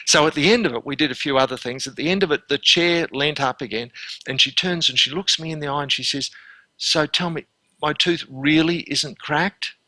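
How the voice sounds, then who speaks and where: A man in his sixties, a dental consultant telling stories as an interview guest, animated and quick to act out scenes, often repeating words as he restarts. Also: medium pitch, dry recording, low-quality recording. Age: 60s.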